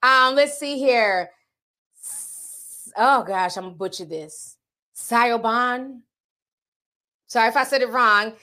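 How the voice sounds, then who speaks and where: A woman hosting a livestream podcast, chatting casually and reading super chats in a sassy, animated way. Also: fairly high pitch, slow pace, long pauses. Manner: sassy, animated, calls viewers sis and honey.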